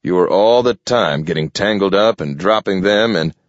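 Man doing a gruff, grumbling wolf. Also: sits low, normal speed, no echo, dull audio, lightly acted. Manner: grumbling, wary.

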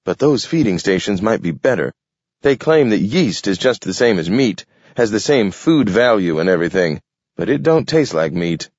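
A man's voice: on the low side, big pitch swings, normal speed, darkish tone, dry recording, highs cut off. A man voicing a sly, evasive wolf who hurries through stammered excuses.

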